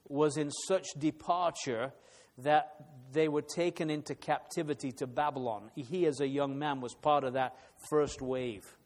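Male preacher, emphatic, repeats key lines, fairly high voice, long hall reverb. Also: darkish tone. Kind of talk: sermon. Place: conference hall.

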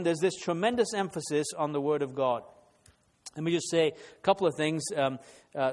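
Man preaching at a conference, emphatic, repeats key lines, higher voice, echoing hall. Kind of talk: sermon. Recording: long hall reverb.

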